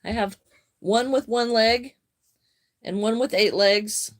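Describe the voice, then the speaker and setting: An older woman whose voice is a little high runs a crochet live stream in a casual, friendly style. She says hello to viewers by name and takes her time answering their comments.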